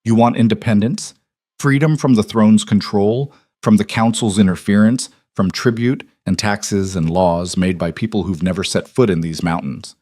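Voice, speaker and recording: A man's voice: lowish voice, moderate pace, warm tone, no echo, studio quality, close to an everyday voice. A man voicing a cool, defiant cast-out queen. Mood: steely. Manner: cool, level and unyielding. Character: defiant young woman, a cast-out wolf queen.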